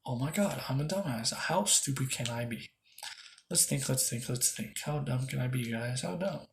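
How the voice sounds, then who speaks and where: A young man riffs on a fan story in a loose, rambling way, with plenty of swearing and jokes at his own expense. His voice sits at a middling pitch, and there is a faint hiss of noise behind him. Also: expressive, moderate pace, creaky. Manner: rambling, profane, self-deprecating. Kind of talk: casual improvised fan-fiction storytelling.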